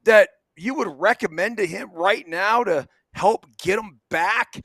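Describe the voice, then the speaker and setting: High bright guy cohost, blunt questions, dry close sound. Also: measured pace, no echo. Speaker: co-host. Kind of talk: casual sports chat.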